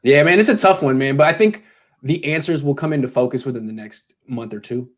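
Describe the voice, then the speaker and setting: A man's voice: mid-range voice, a little fast. A man hosting a casual call-in show from home, talking loosely and joking as he takes callers. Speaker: host.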